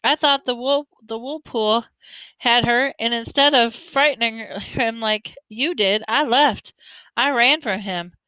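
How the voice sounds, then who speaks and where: A shy, weepy little boy who stammers and trips over his words, as a woman reader plays him. The voice is high and bright, smooth and clear, recorded close and dry. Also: lively intonation, no echo. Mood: pleading. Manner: halting, stammering.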